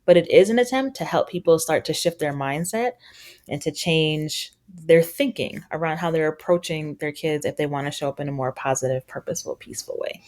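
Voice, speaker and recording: A woman's voice: low-pitched, brisk, a little mellow. A woman guest on a parenting podcast, earnestly explaining her ideas with examples and quoting what parents and kids say. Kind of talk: conversational interview.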